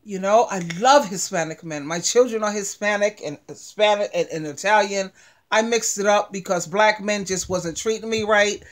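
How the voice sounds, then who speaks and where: A woman's voice: mid-range voice, normal speed. A middle-aged woman giving casual, emphatic commentary as a relationship advice vlogger, acting out sassy retorts. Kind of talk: casual commentary on a played clip.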